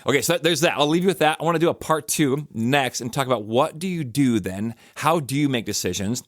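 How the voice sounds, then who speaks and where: A middle-aged man, a pastor musing in a casual, animated podcast talk full of fillers and restarts. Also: medium pitch, quick pace, no room sound, studio quality.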